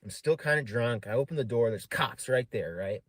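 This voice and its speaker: A man's voice: mid-range voice, lively intonation, normal speed, fairly bright tone, no echo. A man casually telling a long story on a live stream, rambling with many fillers and frequent swearing.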